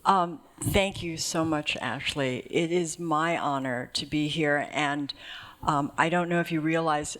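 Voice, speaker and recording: A woman's voice: deep voice, measured pace, a bit bright. A woman guest chef chatting on a museum stage before an audience, gracious and joking. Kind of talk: live stage chat.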